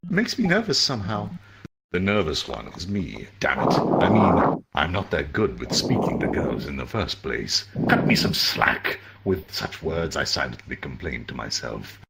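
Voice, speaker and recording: A man reading a story aloud as its narrator, expressive with dry asides. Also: rumbling low, measured pace, gravelly, heavy background noise. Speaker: story reader.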